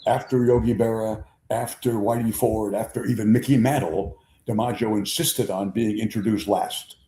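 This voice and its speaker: Mellow-voiced older sports storyteller. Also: male voice, fairly low pitch, moderate pace. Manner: animated raconteur, acts out quotes. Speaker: sports show host. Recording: echoey room.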